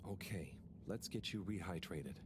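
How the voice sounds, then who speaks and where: An actor playing a shy, tired young man who mutters to himself and talks to his pet fish in soft, half-whispered asides, in a video game. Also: sits low, moderate pace, slight background noise, natural voice. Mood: muttering. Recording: game audio with ambience.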